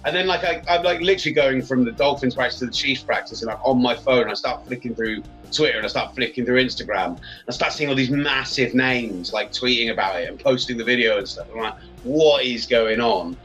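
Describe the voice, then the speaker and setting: A man's voice: medium pitch, fairly quick, hardly any pauses, a bit bright, soft background music. A man, a sports radio presenter chatting enthusiastically as a podcast guest. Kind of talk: casual podcast chat. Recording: slightly dull, lo-fi sound.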